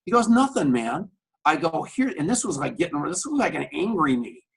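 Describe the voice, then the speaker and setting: A man's voice: fairly high pitch, big pitch swings, fairly quick, gravelly, breathy edge, poor audio. A middle-aged man, a radio talk show host, telling a long anecdote on camera in a coffee shop and acting out both sides of the conversation. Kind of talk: storytelling on camera.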